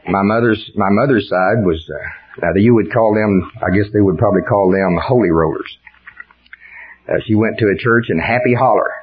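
A man's voice: lowish voice, normal speed, a little hiss or hum. An older man preaching a sermon in a folksy storytelling way that rises into fervent preaching. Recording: dull lo-fi sound.

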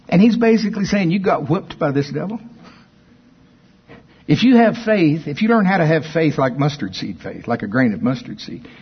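A male preacher delivering an animated sermon, swinging from quiet asides to loud scripture quotes. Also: on the high side, breathy edge, lo-fi sound.

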